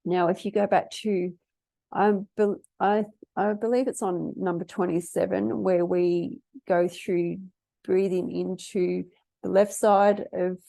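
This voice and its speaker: A middle-aged woman talking casually about breathing and wellness, unhurried and often repeating words as she restarts her sentences. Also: lowish voice, vocal fry, dark tone, dry recording. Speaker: wellness vlogger. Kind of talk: casual talk to camera.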